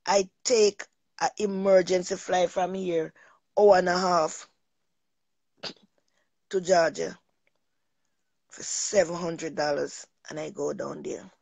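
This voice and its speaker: A woman's voice: lowish voice, steady tone, slow, vocal fry, pauses often, darkish tone, dry recording. Emotional woman telling a rambling story. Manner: rambling, emotional, repeats herself. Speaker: talk show host. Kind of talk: personal storytelling monologue.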